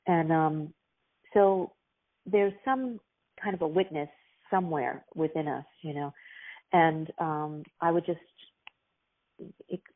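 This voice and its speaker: A middle-aged woman, an author and actress, telling stories earnestly and reflectively in an interview, with many pauses and restarts. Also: lowish voice. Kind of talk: casual interview storytelling. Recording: tinny phone-like line.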